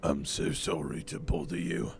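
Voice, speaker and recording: A sick man reading the lines of a worn-out male police detective in a hoarse, earnest voice. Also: very deep voice, moderate pace, a little hiss or hum, voice pushed down. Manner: hoarse, tired, earnest questions. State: hoarse from illness.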